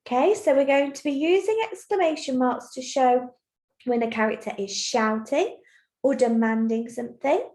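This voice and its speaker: Teacher, female, fairly high voice, patient and clear with young kids, recorded on a computer mic in an echoey room. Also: moderate pace, darkish tone. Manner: clear, patient, encouraging explanation. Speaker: primary school teacher. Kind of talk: recorded online lesson for young children. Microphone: computer mic while screen sharing.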